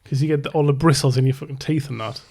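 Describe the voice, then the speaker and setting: A man's voice: medium pitch, fast talker, gravelly, a little mellow, breathy edge. A man, co-hosting a podcast in crude, joking casual chat. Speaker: podcast co-host.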